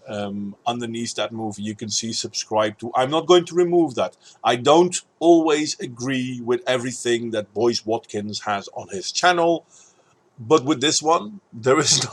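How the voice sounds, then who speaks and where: A man uploading a video, giving argumentative opinion commentary straight to his viewers. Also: mid-range voice. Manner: argumentative, talking to camera.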